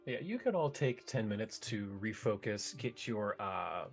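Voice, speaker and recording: A man's voice: on the low side, a little slow, soft background music. A man running a tabletop game as game master, chatty and given to laughing at his own scenes. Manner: animated, laughing, rambling rules talk.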